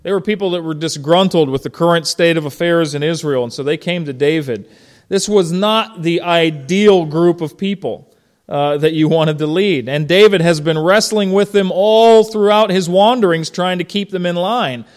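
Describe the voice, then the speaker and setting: Middle-aged male pastor, casual sermon delivery, slightly raised pitch, talks with the congregation. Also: moderate pace. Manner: conversational, asks the congregation questions.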